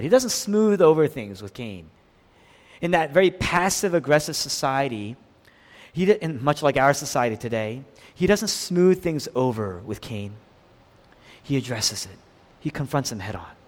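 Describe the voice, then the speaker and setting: A man preaching a sermon with passion, dropping to soft, tender lines and rising to loud, pressing ones. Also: a little high. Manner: impassioned, swinging between soft and loud. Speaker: pastor. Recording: long hall reverb.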